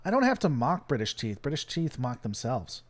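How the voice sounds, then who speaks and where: A man's voice: medium pitch, very animated, normal speed. A man from the United States hosting his channel, rambling and joking with lots of fillers in casual live-stream commentary. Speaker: channel host.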